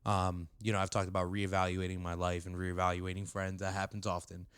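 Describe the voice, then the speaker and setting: A man's voice: low-pitched, completely flat delivery, a little fast, fairly bright tone, smooth, no echo. Laid-back, foul-mouthed male podcast host. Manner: loose and profane, laughs often. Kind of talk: casual chat. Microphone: condenser mic.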